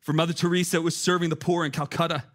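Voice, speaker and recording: A man in his thirties delivers a sermon as a pastor. His voice sits high for a man and stays animated and chatty, padded with filler words, and it climbs toward near shouts as he builds. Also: racing.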